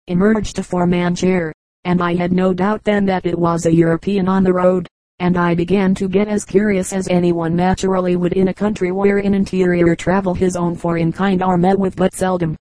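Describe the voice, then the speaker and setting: An audiobook reader giving a measured, even narration of a travel memoir. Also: medium pitch, no room sound, poor audio.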